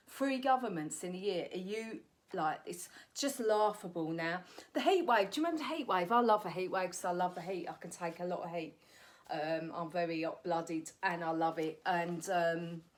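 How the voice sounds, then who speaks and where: Cheeky woman in her forties. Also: lowish voice. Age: 40s. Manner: rambling, cheeky, self-correcting. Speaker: comedian. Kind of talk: comic monologue.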